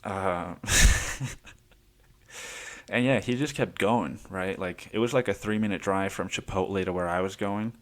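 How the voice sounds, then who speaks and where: A man's voice: low voice, a little slow, pauses often. A man hosting a podcast, telling a rambling story in a casual chat style, laughing often and swearing freely. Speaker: podcast host.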